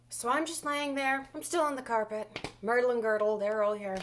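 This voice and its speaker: A young adult woman telling a comic story, swinging between whispers and loud bursts with exaggerated delivery. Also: a little high, fairly even intonation, normal speed, a little hiss or hum. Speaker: comedian storyteller.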